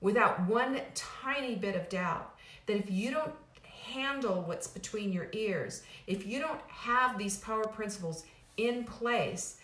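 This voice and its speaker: A middle-aged woman giving a motivational talk as host of her own program. She speaks emphatically and casually, often restarting her sentences and repeating phrases for effect. Her voice sits at an ordinary pitch and rings in a roomy space. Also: measured pace, a bit bright. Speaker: weight-loss program host. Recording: roomy echo.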